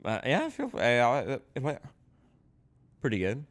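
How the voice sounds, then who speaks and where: A man co-hosting a podcast in casual chat, easygoing, quick to laugh and to agree. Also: medium pitch, wildly swooping pitch. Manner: easygoing, laughs often, short agreeing replies. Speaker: podcast co-host.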